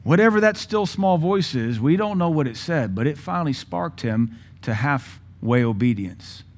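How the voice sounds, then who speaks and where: A man in his forties preaching a sermon with passion, using dramatic pauses and acting out voices from scripture. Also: on the high side, animated. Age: 40s. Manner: impassioned, dramatic pauses, mimics Bible voices.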